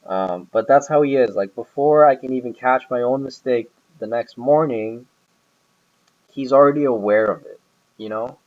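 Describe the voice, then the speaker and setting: Heard through narrow, tinny audio, a man at moderate pace and mid-range pitch chats casually about his boss. He rambles, hesitating and restarting a lot in this recorded conversation.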